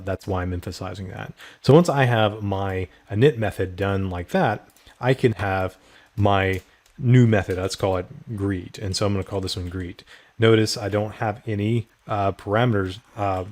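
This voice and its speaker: Man, middle-aged, lowish voice, coding tutorial, step-by-step explaining, filler words. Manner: walks through code step by step, many "uh" fillers. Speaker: programming instructor. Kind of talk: screen-recorded coding tutorial.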